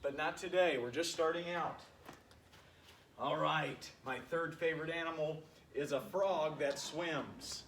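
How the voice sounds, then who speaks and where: A man's voice: a little high, a little slow, a bit bright, a little hiss or hum. A man who is a PE coach, counting reps and encouraging his class while doing the workout himself. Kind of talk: workout instruction video. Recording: echoey room picked up from a distance.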